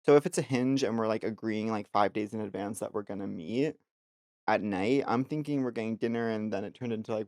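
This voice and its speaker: Man, podcast co-host, casual chat, lively storyteller, dry studio sound. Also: lowish voice, brisk, no room sound. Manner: animated storyteller, acts out voices.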